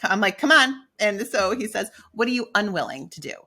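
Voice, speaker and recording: Candid, bright-voiced middle-aged woman. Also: mid-range voice, brisk, husky. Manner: candid, animated, acts out her own inner dialogue. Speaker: podcast co-host. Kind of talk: casual personal storytelling.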